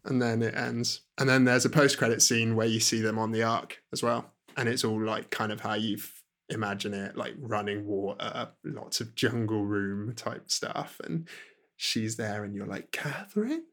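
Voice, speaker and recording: A man's voice: lowish voice, little pitch movement, normal speed, fairly bright tone. A man chatting casually as a podcast co-host, telling a story and acting out characters' lines. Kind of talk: casual chat.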